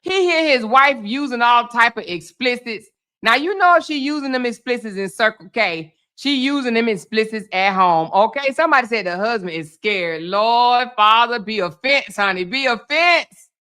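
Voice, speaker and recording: A woman hosting a casual reaction commentary. She talks in an animated, exclaiming way and calls her viewers "y'all" and "honey". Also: a little high, normal speed, few pauses, clear, resonant tone. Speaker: host.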